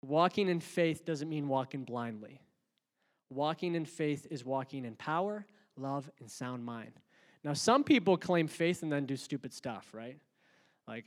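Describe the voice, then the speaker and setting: A man preaching a sermon, moving between calm, quiet talk and loud, rising passages. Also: fairly high pitch, a little slow, in a large hall. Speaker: pastor.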